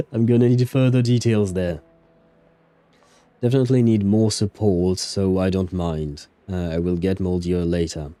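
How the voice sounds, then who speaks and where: A man's voice: sits low, fairly even intonation, unhurried, warm tone, no room sound. A man streaming a game, narrating scenes and chatting with viewers in a rambling, casual way. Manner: rambling, chatty, answers chat, frequent fillers and laughs.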